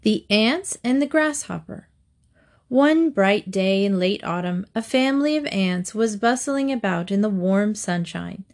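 A woman narrating storybook fables in a clear, measured reading. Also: medium pitch, animated.

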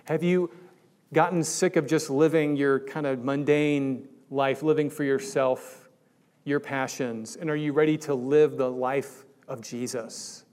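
A man's voice: medium pitch, steady tone, a little slow, a little mellow. A man preaching a sermon in a conversational way that rises to emphatic peaks. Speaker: pastor.

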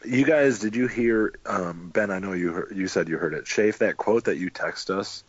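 A man's voice: fairly low pitch, normal speed, breathy edge, dry recording. A man co-hosting a podcast, making dry, matter-of-fact remarks in casual chat. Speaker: podcast co-host. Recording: dry, dull lo-fi audio.

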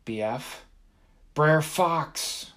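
A man's voice: mid-range voice, normal speed, a little hiss or hum, close to an everyday voice. A man voicing a young boy who is frightened but pushes on with determination. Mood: urgent.

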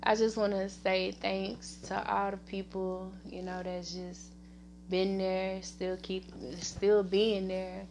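A woman with a Southern US accent hosting her own podcast, rambling casually, laughing often and giving shout-outs to family and friends. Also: medium pitch, flat delivery, slow pace, gravelly, slight background noise. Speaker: podcast host. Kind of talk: casual solo podcast chat.

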